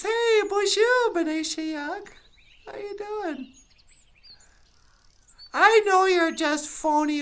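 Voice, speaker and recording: A giggly, rambling cartoon woman, as a performer does her voice, talking in a high, sing-song voice that swoops up and down. She takes her time over her words, musing aloud while birds sing around her. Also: fairly bright tone, full character voice. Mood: cheerful. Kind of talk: puppet show monologue.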